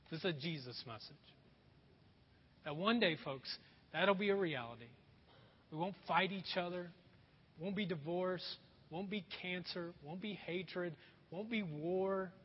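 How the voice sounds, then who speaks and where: A man preaching a lively sermon as a pastor, acting out quick voices for laughs. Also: a little high, husky. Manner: animated, acts out voices for laughs. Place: church sanctuary. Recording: echoey hall, dull sound.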